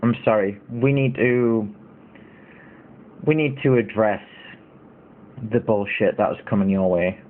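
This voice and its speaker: A man's voice: lowish voice, slight background noise. A man in his thirties hosting a casual livestream, rambling and indignant, with lots of fillers. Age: 30s. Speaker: livestream host. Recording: tinny phone-like audio.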